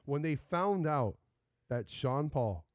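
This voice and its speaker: Animated joking man hosting a podcast. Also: on the high side, slow pace, no room sound, studio quality. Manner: animated, joking, hypes with shout-outs. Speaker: podcast host. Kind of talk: casual podcast chat. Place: podcast studio. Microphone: studio microphone.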